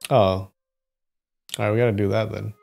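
A man's voice: lowish voice, flat delivery, moderate pace, gravelly, darkish tone, faint music behind. A man chatting casually and laughing as he wraps up a livestream of folktale readings. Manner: chatty, giggly, thinks aloud.

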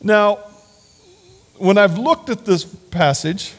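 A man preaching a sermon in an earnest, halting way, often restarting his sentences. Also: high voice, expressive. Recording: long hall reverb.

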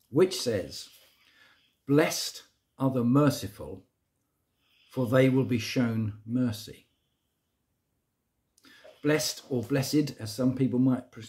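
A man's voice: medium pitch, mellow. A middle-aged man from Britain, a church minister giving a short, informal daily sermon in a chatty, homely way that is full of rhetorical questions.

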